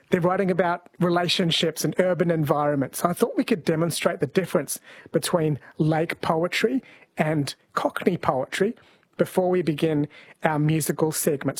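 A man's voice: fairly high pitch, slightly rough, no echo. A man co-hosting a comedy podcast, explaining at length in a lecturing tone. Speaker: co-host. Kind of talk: casual comedy podcast chat.

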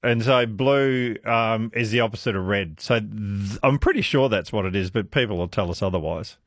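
A man's voice: lowish voice, moderate pace, no room sound. A man hosting talkback radio, chatty and musing aloud with strings of questions into a studio mic. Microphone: studio microphone.

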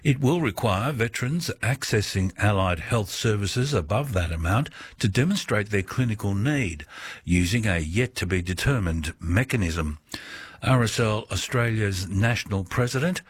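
A man reading a radio news bulletin in a measured, steady way. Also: on the low side, slightly rough, dry recording. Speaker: newsreader.

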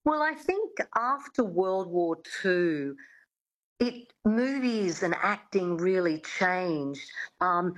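A woman's voice: on the low side, expressive, slow pace, muffled recording. A woman coach, a radio interview guest explaining at length with many fillers. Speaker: accent coach.

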